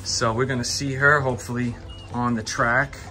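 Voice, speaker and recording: A man hosting a casual walk-and-talk vlog at a racetrack barn, excited and chatty, sometimes stumbling over his words, recorded outdoors on a handheld camera. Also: medium pitch, normal speed, soft background music. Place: outdoors at a horse barn shed row.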